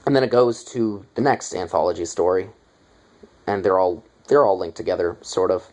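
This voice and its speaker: A man's voice: low voice, moderate pace, darkish tone, rough recording. A young man casually retelling a movie's plot in a review, rambling with lots of fillers and offhand asides.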